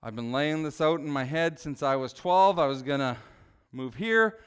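A man's voice: fairly high pitch, moderate pace, fairly bright tone, smooth. A middle-aged man giving a casual sermon, talking conversationally, asking his listeners questions and acting out people's reactions. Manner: conversational, asks the audience questions, acts out people. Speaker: preacher.

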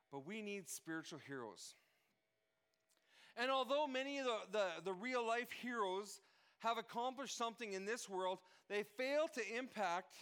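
A man with a high, somewhat bright voice preaches a sermon as pastor. Earnest in manner, he often repeats and restarts phrases and names people in lists.

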